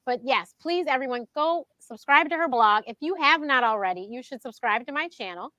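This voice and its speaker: Talking fairly quickly in a dry, close recording with no echo, a high-pitched woman with a bright, forceful voice chats like a storyteller during an interview about her show. Lively and laughing often mid-sentence, she switches into a higher voice whenever she quotes other people.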